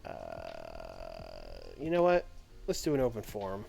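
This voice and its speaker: A man's voice: rumbling low, huge pitch swings, slow pace, gravelly, darkish tone, husky. Chatty man streaming a game. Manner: chatty, thinks aloud, talks to chat. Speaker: livestreamer. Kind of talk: casual game commentary. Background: faint background music.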